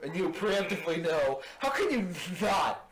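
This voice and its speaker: A man's voice: fairly high pitch, big pitch swings, normal speed, reverberant, faint music behind. A man riffing casually as co-commentator on a game video, laughing often and rambling through his stories. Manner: giggly, rambling joke-teller. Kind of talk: casual let's play banter.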